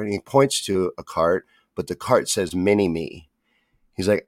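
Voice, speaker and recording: Low-voiced man telling a story. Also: moderate pace, no room sound, studio quality. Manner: profane, laid-back storytelling. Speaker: podcast co-host. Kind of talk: casual chat.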